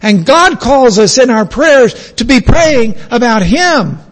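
Slow-talking high-voiced man lecturing. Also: very animated, fairly bright tone, husky. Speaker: teacher. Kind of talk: classroom lecture on Greek.

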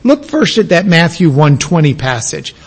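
A man preaching a sermon to a congregation, teaching at an easy pace and bursting into loud shouted exclamations for emphasis. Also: a little high, sing-song, moderate pace, breathy edge, rough recording. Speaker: pastor.

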